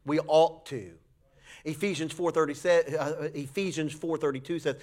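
A man preaching a sermon, telling a folksy story with animated voices for the people in it. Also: moderate pace. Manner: folksy, animated storytelling with acted high-pitched quotes. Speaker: pastor.

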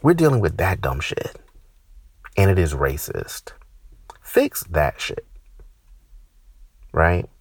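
A man in his thirties doing stand-up, ranting with profanity and sudden high-pitched outbursts. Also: huge pitch swings, takes it slowly, pauses often, husky, no room sound. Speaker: stand-up comedian. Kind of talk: stand-up comedy set.

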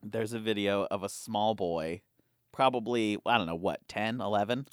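A young man chatting casually as a podcast co-host, telling stories with lively acted-out quotes. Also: moderate pace, smooth, dry recording, studio quality. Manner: animated storyteller, acts out quotes in loud high voices. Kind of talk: casual chat.

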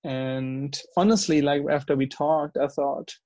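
A young man from Germany with a German accent, talking in a casual, halting and earnest way, with many fillers. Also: on the high side, steady tone, a little mellow, highs cut off. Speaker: guest in conversation. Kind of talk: casual conversation.

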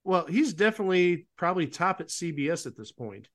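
Male podcast co-host, slightly high voice, opinionated and sarcastic, casual chat. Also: big pitch swings, fairly quick, fairly bright tone.

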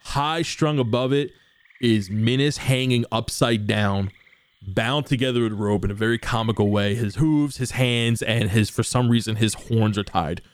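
A man's voice: medium pitch, normal speed, no echo. A young man narrating as game master, casual and swearing, with lots of fillers.

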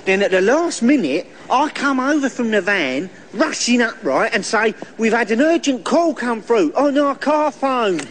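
A man's voice: very high-pitched, very animated, moderate pace, few pauses, fairly bright tone, heavily acted. An actor playing an eager, scheming young man in a TV sitcom. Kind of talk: TV sitcom acting.

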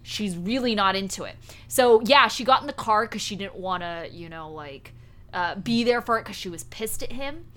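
Woman, podcast co-host, casual chat, bright clear tone. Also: medium pitch, animated, moderate pace. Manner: explains her own reading of scenes, chatty.

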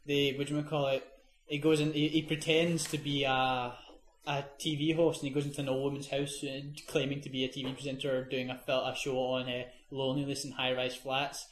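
A man at an ordinary pitch, hosting a loose comedy podcast and retelling a film scene by scene. He rambles, restarts, and drops his voice low for the quoted lines. The room around him is echoey. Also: level tone, fairly quick. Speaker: podcast host.

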